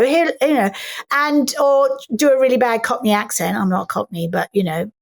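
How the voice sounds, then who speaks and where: A middle-aged English actress chatting playfully in an interview, animated and fond of slipping into mimicry. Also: female voice, high-pitched, normal speed, creaky. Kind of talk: casual interview chat.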